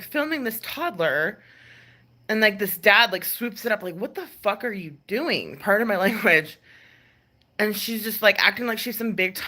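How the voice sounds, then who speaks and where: Lively, bright-voiced woman ranting. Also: medium pitch. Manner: exasperated, swearing, many fillers and sighs. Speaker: ASMR creator ranting on a live stream. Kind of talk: casual rant.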